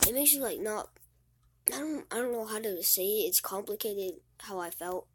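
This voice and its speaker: A teenage girl talking casually and sadly to the camera, close to tears, halting and repeating her words as she rambles. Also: mid-range voice, background noise. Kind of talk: casual vlog monologue.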